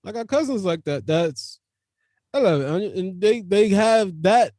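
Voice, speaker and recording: A man's voice: high-pitched, expressive, measured pace, dark tone, no echo, studio quality. A man hosting a podcast in loose, profane, laughing banter full of slang. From Jamaican family. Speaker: podcast host. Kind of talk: casual chat.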